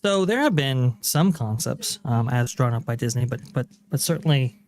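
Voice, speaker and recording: A man's voice: medium pitch, lively intonation, moderate pace, a little mellow. Thoughtful man on a podcast. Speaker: podcast panelist. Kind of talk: casual podcast chat.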